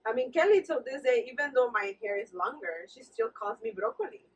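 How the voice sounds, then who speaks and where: High-pitched woman co-host, light and amused. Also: very animated, a little fast, slightly rough, distant mic, poor audio. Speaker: podcast co-host. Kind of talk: casual chat.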